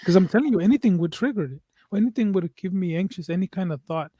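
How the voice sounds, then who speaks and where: A man's voice: sits high, lively intonation, fast, dry recording, highs cut off. A young man co-hosting a podcast, talking bluntly and emphatically about his own anxiety, with heavy swearing. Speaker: podcast co-host. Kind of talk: casual conversation.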